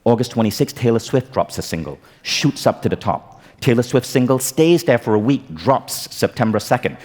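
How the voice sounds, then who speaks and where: A man from Malaysia giving a humorous motivational talk on stage, telling stories in an animated, joking way. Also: lowish voice. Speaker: keynote speaker. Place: large event hall. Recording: stage talk with long hall reverb.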